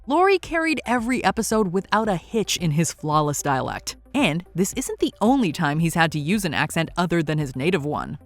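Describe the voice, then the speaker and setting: A woman doing upbeat, brisk scripted countdown narration. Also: lowish voice.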